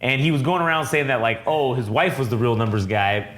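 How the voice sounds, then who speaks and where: A man's voice: medium pitch, fairly quick. A man hosting a casual comic review podcast, cursing freely and acting out what characters say. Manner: profane, animated retelling with quoted voices. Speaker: comic book podcast host. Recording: echoey room.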